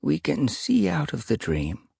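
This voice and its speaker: A male audiobook narrator voicing an ancient, wise female cat with a cracked, thin voice and calm, knowing manner. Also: on the high side, unhurried, gravelly, slightly rough, dry recording, studio quality, pitched above the performer's own voice, full character voice. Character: ancient wise she-cat, tribe leader.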